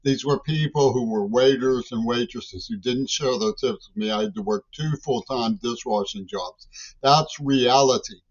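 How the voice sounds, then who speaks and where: An older man with a medium-pitched voice speaks at normal speed in a long, agitated, rambling monologue. He often breaks off words and starts over, and the recording sounds dull and lo-fi.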